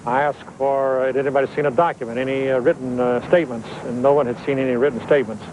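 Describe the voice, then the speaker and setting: A man's voice: medium pitch, fairly even intonation, fast talker, darkish tone, slight background noise, rough recording. An older man, a retired police officer, giving a plain, matter-of-fact account in an interview. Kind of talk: interview testimony.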